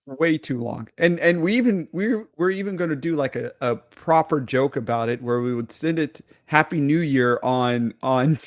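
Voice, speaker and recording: A man co-hosting a casual podcast, talking fast and swearing as he rants. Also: on the high side, no room sound, studio quality. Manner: animated, swears a lot, ranting banter. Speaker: podcast co-host. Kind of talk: casual chat.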